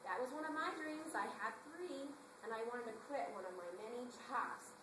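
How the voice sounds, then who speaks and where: Bubbly high-voiced woman pitching in an echoey room. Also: animated, normal speed, noisy background. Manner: chatty, storytelling, asks the audience questions. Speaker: sales director recruiting at a meeting. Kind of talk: animated sales presentation to a group. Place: meeting room before an audience.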